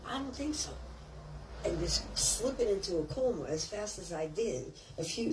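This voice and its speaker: A woman's voice: mid-range voice, lively intonation, normal speed, recorded from a distance, background noise. An older woman giving a rambling, blunt and profane off-the-cuff speech as an author at a book signing in a thrift shop.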